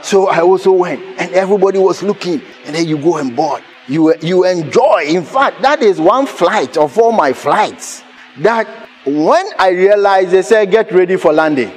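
A man preaching a sermon in a church, telling a personal story with laughter and sudden shouts. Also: high-pitched, normal speed, a little hiss or hum. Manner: animated, laughing, bursts of shouting. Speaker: pastor.

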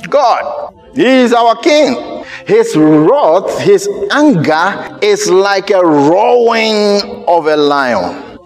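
A male preacher delivers his sermon in a lively voice that swings widely in pitch and sits a little high. He races through asides, then shouts or stretches out words for emphasis. Soft music plays faintly behind him. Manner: animated preaching, sudden shouts and drawn-out emphasis.

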